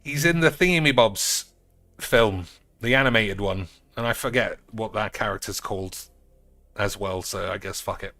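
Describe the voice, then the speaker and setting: A man casually commenting on cards while streaming a game, sarcastic and crude, swearing often and breaking into loud outbursts. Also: on the low side, moderate pace, dry recording.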